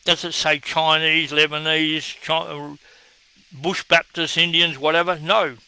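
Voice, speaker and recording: A man's voice: a little high, little pitch movement, a little slow, pushed and bright, clear, resonant tone, low-quality recording. An Australian man speaking in a blunt, scornful way, giving a combative monologue as he answers viewer comments.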